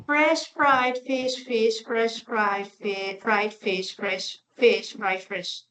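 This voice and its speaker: Slow woman student, faint background hiss. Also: a little high, steady tone, bright, forceful tone, low-quality recording. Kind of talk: reading a tongue twister aloud.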